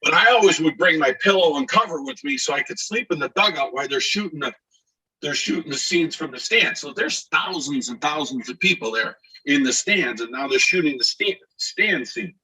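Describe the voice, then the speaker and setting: A middle-aged man from Scranton, a guest telling animated stories about his days as an actor, acting out the lines of the people in them. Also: a little high, a little fast, slightly rough. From Scranton, Pennsylvania, USA. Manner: animated storyteller who acts out shouted quotes. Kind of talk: casual interview storytelling. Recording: voice a bit far from the mic.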